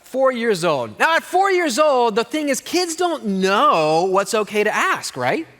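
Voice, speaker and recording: A man's voice: very high voice, measured pace. A middle-aged man preaching a sermon as pastor, telling stories with jokes and playful voices. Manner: animated storyteller with jokes and playful put-on voices. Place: church hall. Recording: long hall reverb.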